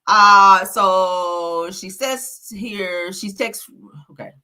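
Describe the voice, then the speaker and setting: A woman's voice: medium pitch, extremely slow, bright, forceful tone, clean tone. A woman giving casual, blunt celebrity gossip commentary, sassy and profane, laughing often.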